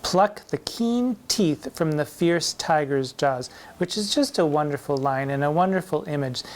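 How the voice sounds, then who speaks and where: A man performing in drag who hosts a playful, theatrical talk on a sonnet and recites the verse slowly and emphatically. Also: fairly high pitch, slight background noise. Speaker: drag performer hosting a poetry show. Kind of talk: campy poetry lecture with recitation.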